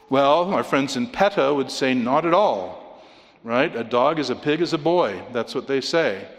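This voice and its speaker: A medium-pitched man preaches a sermon, his voice carrying a long reverb tail. Telling it like a story, he works in a joke and a scripture reading and asks the congregation rhetorical questions.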